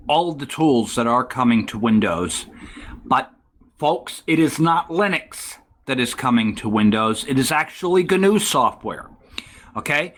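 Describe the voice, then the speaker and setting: A man's voice: mid-range voice, a bit bright. Rambling man hosting a tech chat. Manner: rambling, halting, many fillers. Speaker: podcast host.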